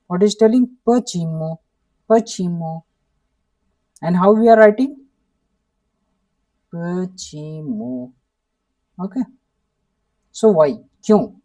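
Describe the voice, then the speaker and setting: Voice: mid-range voice, a little mellow, recorded from a distance. A language teacher from India with an Indian English accent, giving an online lesson, repeating each word again and again and prompting with a questioning "hmm?".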